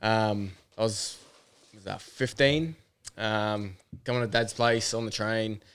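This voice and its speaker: A man telling a story hesitantly, with many pauses and ums. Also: on the low side, steady tone, fairly bright tone, clean tone. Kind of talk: casual storytelling.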